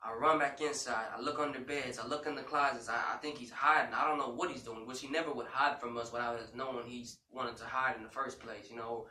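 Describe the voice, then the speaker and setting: A man's voice: mid-range voice, steady tone, fairly quick, hardly any pauses, pushed and bright. A man co-hosting a casual talk show, retelling a frightening story in an emotional way, with lots of "you know" and "man" fillers. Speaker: podcast co-host. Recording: roomy echo, far from mic, faint background noise.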